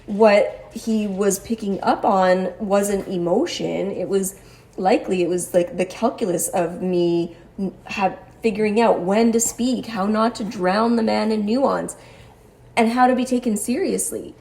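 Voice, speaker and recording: A woman's voice: mid-range voice, steady tone, measured pace, warm tone. A woman telling her own story as a patient in a personal monologue, articulate and precise, with a wry, exasperated edge. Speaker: cancer patient sharing her experience.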